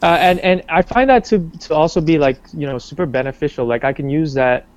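A man's voice: on the high side, brisk, dull audio. A young man from Canada being interviewed, talking casually with lots of fillers and restarts. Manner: rambling, many restarts and fillers, animated when quoting.

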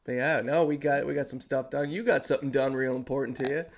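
A man's voice: medium pitch, steady tone, fast talker. A man hosting a podcast in casual chat, teasing his co-host and often restarting his sentences.

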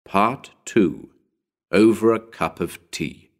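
A man's voice: lowish voice, expressive, takes it slowly. A man narrating a spooky story as an audiobook, building suspense in a dramatic storytelling manner.

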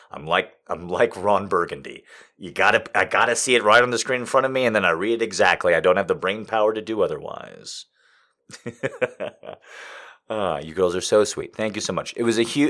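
A man hosting a live podcast, telling a story to his chat, dropping from hushed whispers to loud, profane, teasing jokes. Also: low-pitched. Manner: swings from hushed whispers to loud crude joking. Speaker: livestream podcast host.

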